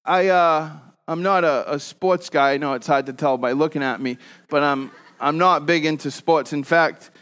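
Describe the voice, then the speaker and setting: A pastor preaching a conversational sermon, mixing scripture with joking personal stories and swinging between loud and soft. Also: male voice, on the high side, normal speed, clean tone.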